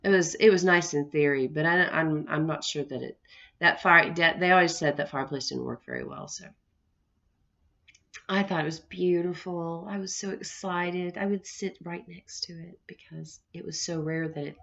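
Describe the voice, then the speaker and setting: A woman's voice: fairly low pitch, normal speed, vocal fry, a bit bright. A young adult woman telling family memories in a casual vlog, rambling with many restarts and laughing often. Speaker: vlogger. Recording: dull lo-fi recording.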